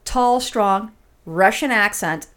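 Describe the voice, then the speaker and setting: A woman's voice: mid-range voice, slow. A woman from California co-hosting a podcast, telling stories in casual, profane chat. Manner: profane, animated storytelling. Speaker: podcast co-host.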